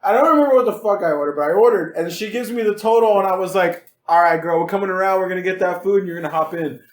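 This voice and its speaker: A young man with a high-pitched voice recounts a drunken night to his friends, animated and profane, voicing everyone in the story. The room around him is echoey. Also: rapid-fire. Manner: animated, swearing, acts out quotes, laughs often. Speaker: podcast co-host. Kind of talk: casual storytelling chat.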